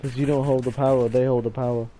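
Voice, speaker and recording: A man's voice: medium pitch, flat delivery, fast talker, dark tone. A young man co-hosting a podcast, chatting casually, joking and swearing. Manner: joking, swearing, laughing often. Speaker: podcast co-host. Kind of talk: casual chat. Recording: faint background noise.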